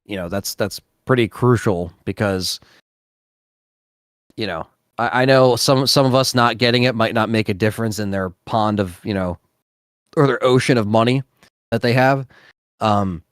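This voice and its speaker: A man co-hosting a gaming podcast, talking in a measured, hesitant way with many fillers. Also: lowish voice, a bit bright, smooth, no room sound, studio quality. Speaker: podcast co-host. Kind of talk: casual gaming podcast chat.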